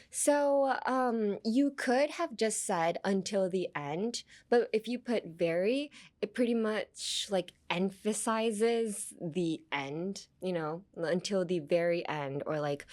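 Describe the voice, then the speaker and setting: A young woman hosts a relaxed language-learning podcast, talking through phrases in a chatty, informal way. She slips back and forth between English and Japanese and laughs easily as she explains. Her voice sits at an ordinary middle pitch. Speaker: podcast host teaching English through anime lines. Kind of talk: casual bilingual teaching chat.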